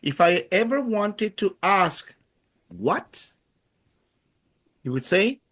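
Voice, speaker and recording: A male language teacher talks at a slow, unhurried pace to his class. His pitch rises and falls a lot as he explains, and he pauses often with hesitant fillers. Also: very animated, fairly bright tone. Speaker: Spanish teacher.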